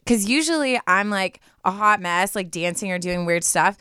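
A woman co-hosting a podcast in casual chat, bubbly and playful with quick reactions. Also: mid-range voice, expressive, bright, forceful tone, clean tone, no echo, clean studio sound. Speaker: podcast co-host.

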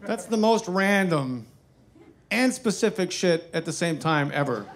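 A man doing stand-up comedy, telling animated, profane, self-mocking stories to a live audience. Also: high-pitched, a little slow, slight background noise. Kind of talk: stand-up storytelling. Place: stage before a live audience. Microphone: wearing a microphone. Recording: live stand-up with faint crowd.

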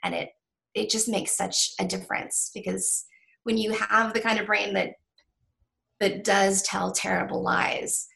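A middle-aged woman author in a candid interview, talking haltingly with many restarts and ums. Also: medium pitch, flat delivery, gravelly, bright, forceful tone, low-quality recording. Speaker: author guest.

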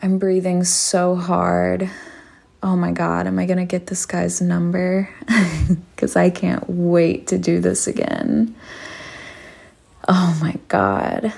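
Slow, sultry woman with heavy vocal fry. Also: on the low side, animated. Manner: slow, hushed and sultry, drifting into whispers. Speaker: podcast host. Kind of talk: intimate erotic storytelling.

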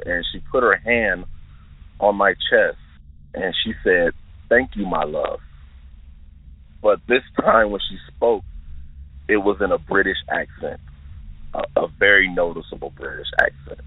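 Man in his twenties with a low, raspy voice, earnestly telling his own eerie encounter over a thin phone line. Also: dry recording. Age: 20s. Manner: careful, detailed, earnest storytelling. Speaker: listener sharing an encounter. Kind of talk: recounting a personal eerie experience. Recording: tinny dry phone-line recording.

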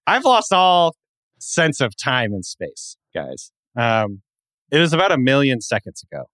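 A man's voice: mid-range voice, very animated, measured pace, fairly bright tone, no room sound. A man co-hosting a fantasy football podcast, talking in a rambling way and correcting himself as he goes. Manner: rambling, self-correcting, many fillers. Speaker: podcast co-host. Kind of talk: casual sports podcast chat.

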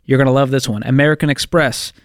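A man's voice: medium pitch, quick pace, no room sound, clean studio sound. A man co-hosting a talk radio show, wry and opinionated as he reels off numbers. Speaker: radio co-host. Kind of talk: casual talk radio chat.

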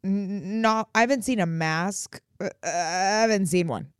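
A woman's voice: mid-range voice, normal speed, clean tone, no echo, studio quality. A young woman co-hosting a podcast with her sister, chatting in a bubbly, playful way. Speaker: podcast co-host. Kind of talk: casual chat.

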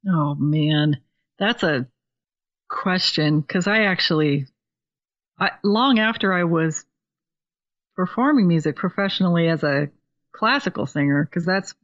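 A woman's voice: lowish voice, animated, a little slow, long pauses, highs cut off. A woman from Oregon, a professional singer, chatting animatedly as a guest on a casual podcast. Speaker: guest musician.

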